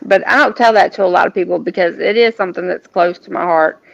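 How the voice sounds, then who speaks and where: A woman, a guest telling a personal story in an earnest, halting way, often restarting her sentences. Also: on the low side, gravelly. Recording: dull lo-fi sound.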